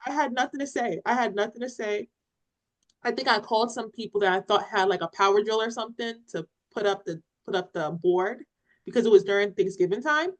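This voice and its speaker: A woman co-hosting a parenting podcast tells a story in casual chat, animated and laughing as she acts out what people said. Her medium-pitched voice is brisk, and the recording is low quality.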